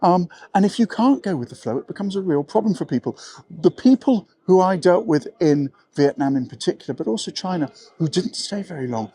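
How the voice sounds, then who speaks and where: A man's voice: high-pitched, expressive, fairly quick, dark tone, slightly rough, no room sound. Middle-aged English man, slightly raised voice, frank and conversational, self-deprecating vlog talk. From England. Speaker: vlogger living abroad. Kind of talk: advice talk to camera.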